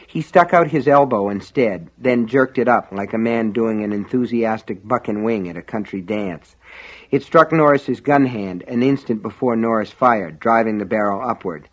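A man narrating a novel in an even, measured reading. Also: mid-range voice. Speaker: audiobook narrator. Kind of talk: scripted audiobook narration. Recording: dull lo-fi audio.

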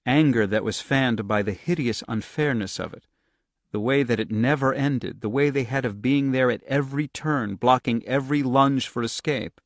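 A man reading an audiobook, narrating with steady, tense storytelling. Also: mid-range voice, dry recording, clean studio sound.

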